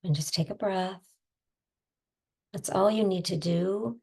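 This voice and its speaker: A woman stress coach leading a guided tapping session, soft-spoken and soothing, calling out tapping points between gentle affirmations. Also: mid-range voice, takes it slowly, pauses often. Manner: soft-spoken, calm and soothing, breathy sighs.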